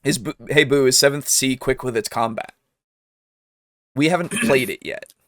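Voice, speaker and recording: A young man co-hosting a gaming podcast. He rambles in an easy, enthusiastic way, laughs often, and his mid-pitched voice sounds dry and close to the mic. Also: moderate pace, fairly bright tone, no echo. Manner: chatty, enthusiastic, laughs often, many fillers. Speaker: podcast co-host. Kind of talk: casual chat.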